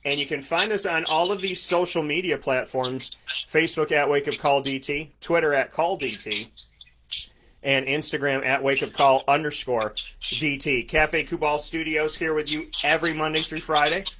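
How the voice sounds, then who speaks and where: A man's voice: on the high side, steady tone, moderate pace, pushed and bright, a little hiss or hum. A man in his thirties from upstate New York hosting a morning sports talk show, upbeat and effusive, repeating words for emphasis. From Syracuse, New York. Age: 30s. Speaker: sports radio host.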